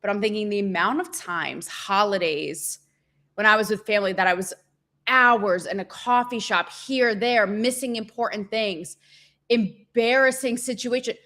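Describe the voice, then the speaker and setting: Bright-voiced woman ranting casually. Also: mid-range voice, normal speed. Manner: profane, animated, rambling and self-mocking. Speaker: show host. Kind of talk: candid livestream monologue.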